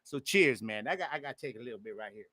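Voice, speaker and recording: A man in his forties hosting a sports podcast from home, talking loosely and excitedly to his listeners with plenty of slang. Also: medium pitch, fast, dry recording, clean studio sound. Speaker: podcast host. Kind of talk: casual sports podcast monologue. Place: home room with air conditioning.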